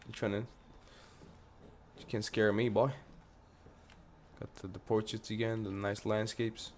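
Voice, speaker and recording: Guy with a lowish voice cussing his way through a scary game, keeps mouthing off at stuff on screen, faint hum behind. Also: little pitch movement, measured pace. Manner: profane, jumpy reactions, talks back to the game. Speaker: gameplay commentator. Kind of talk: horror game let's-play commentary. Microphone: headphones on, desk mic.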